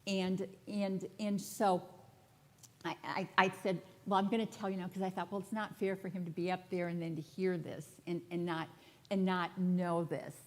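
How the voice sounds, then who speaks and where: A woman's voice: fairly low pitch, level tone, moderate pace, a little mellow. A woman spiritual director giving a personal sermon to a congregation in a church, telling her story in a candid, chatty way with touches of humor. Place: church sanctuary before a congregation.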